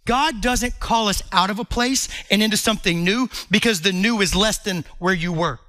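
A male pastor preaching a sermon in an animated, playful way, talking directly to his listeners. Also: high voice, normal speed.

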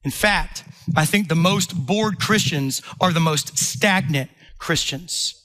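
Animated, high-voiced male preacher. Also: slow. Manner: animated, playful, talks directly to the congregation. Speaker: pastor. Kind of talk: sermon.

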